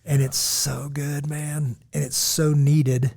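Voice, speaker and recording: Mellow-voiced man telling stories on a podcast. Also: on the high side, slow pace, creaky. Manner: animated, rambling storyteller with frequent "right?". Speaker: podcast co-host. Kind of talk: casual podcast storytelling.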